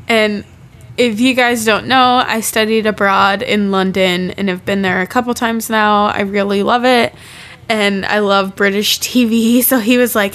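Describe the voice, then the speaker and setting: A young woman co-hosting a casual chat podcast, giggly, excitedly retelling conversations. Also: mid-range voice, normal speed. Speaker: podcast co-host.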